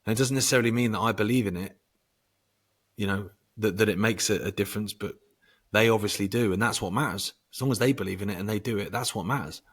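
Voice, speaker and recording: Man talking casually, low-pitched. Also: fast talker, breathy edge. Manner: casual and swearing, with bursts of loud emphasis. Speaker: podcast guest. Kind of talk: casual conversation.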